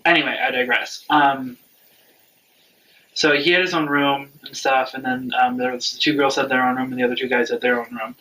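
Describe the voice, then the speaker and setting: A man's voice: medium pitch, steady tone, moderate pace, pushed and bright, far from the mic, slight background noise, poor audio. A man in his twenties telling a personal story in casual chat, rambling and frank, swearing freely. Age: 20s. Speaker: vlog regular.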